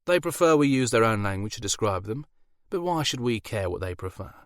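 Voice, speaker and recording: A man's voice: medium pitch, sing-song, a little fast, no room sound, studio quality, close to an everyday voice. A man voicing a smug demon father. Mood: teasing. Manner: teasing, indulgent, sly. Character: smug charming male incubus demon father.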